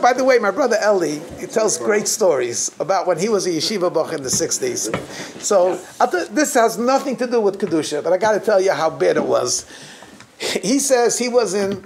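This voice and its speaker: A middle-aged rabbi with a high-pitched voice tells anecdotes to his congregation in a holiday talk, often chuckling mid-sentence and restarting phrases. There is slight background noise.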